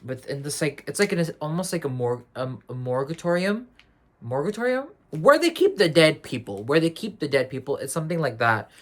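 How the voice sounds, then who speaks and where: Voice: medium pitch, big pitch swings, a little fast, hardly any pauses. Rambling, slangy casual show reviewer. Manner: rambling, self-correcting, slangy. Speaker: TV series reviewer. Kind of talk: casual spoiler review vlog.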